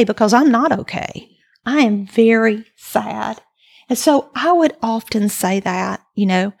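A woman's voice: on the high side, a little slow, vocal fry, husky. A woman speaking as a podcast guest, sharing a personal faith testimony in an earnest, reflective way.

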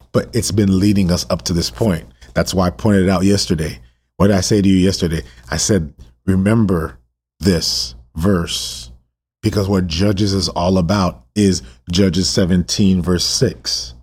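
A man hosting a Bible-reading podcast, emotional and passionate, who repeats rhetorical questions and swings between urgent and hushed delivery. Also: low voice, steady tone, normal speed, slightly rough. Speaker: podcast host.

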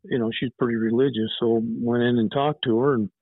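A man in his sixties, a private investigator, tells case stories in a blunt, rambling way, like a casual interview. His voice is medium in pitch, steady and brisk with a creaky edge. The audio is dry and tinny, like a phone line, with no room sound.

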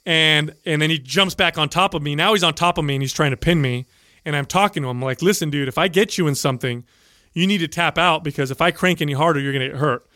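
Fast, bright-voiced man telling a story. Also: a little high, no room sound, clean studio sound. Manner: animated, profane, acts out the voices in his story. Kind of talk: casual storytelling.

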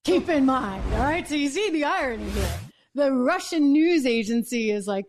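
This woman is hosting a live political talk show, and her voice sits a little high for a woman. She talks in a chatty, conversational way, with frequent restarts, quick asides and a wry laugh at her own points. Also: animated.

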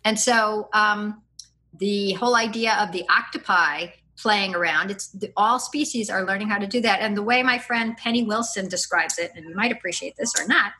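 A middle-aged woman, a podcast guest, chatting and explaining at length in a lively, rambling way, with laughs and restarts. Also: mid-range voice, normal speed. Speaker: podcast guest, free-play advocate. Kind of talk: casual conversational explaining.

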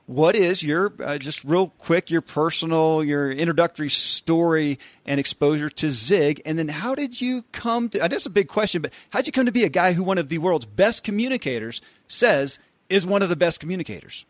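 Brief: eager male host, fairly high voice, dry close sound. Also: brisk, no room sound. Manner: enthusiastic, gushing. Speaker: podcast host. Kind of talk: interview introduction.

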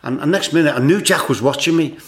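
A man's voice: on the high side, quick pace. A man in his sixties with a Liverpool Scouse accent, a former footballer telling stories as a guest, with many repeated words and "you know"s. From Liverpool, England. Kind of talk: anecdotal storytelling.

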